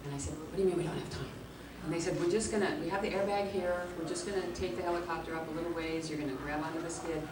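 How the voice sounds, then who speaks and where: Low-voiced woman telling a story in an echoey hall. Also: racing, few pauses. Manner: lively storyteller who acts out quotes and laughs often. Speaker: guest at a convention Q&A. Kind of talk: animated anecdote telling. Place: large echoey convention hall. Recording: echoey hall, distant mic, background noise.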